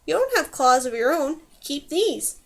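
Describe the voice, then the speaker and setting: A woman voicing a quick-tempered male squirrel who scolds and teases. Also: high voice, sing-song, creaky, a bit bright, exaggerated voice. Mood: cheeky. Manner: scolding, cheeky.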